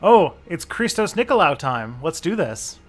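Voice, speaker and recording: A man's voice: on the high side, big pitch swings, moderate pace, faint music behind. A Canadian man co-hosting a casual political chat, rambling and restarting as he thinks aloud. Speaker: co-host.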